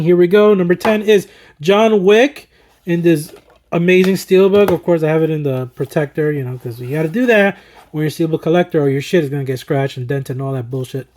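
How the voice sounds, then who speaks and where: A slightly hoarse man talking enthusiastically through his favorite movies, rambling with fillers and chuckles. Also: high voice, a little mellow. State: slightly hoarse, throat recovering. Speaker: movie collector and vlogger. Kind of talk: casual movie-ranking commentary.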